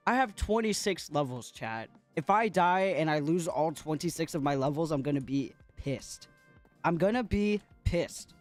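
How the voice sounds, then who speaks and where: A man chatting playfully to his viewers while livestreaming a game, giggling often and talking to chat. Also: a little high. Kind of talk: casual gaming livestream chat.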